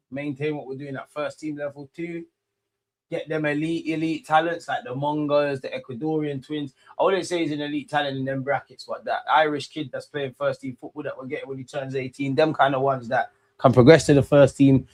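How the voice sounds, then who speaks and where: A man's voice: a little high, darkish tone. A man, rambling through casual live football watch-along commentary with slangy banter. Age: 30s.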